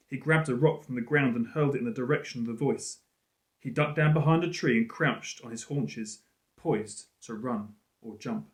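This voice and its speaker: A male teacher reading a storybook aloud in an expressive, lively way. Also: medium pitch. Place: school room. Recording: roomy echo.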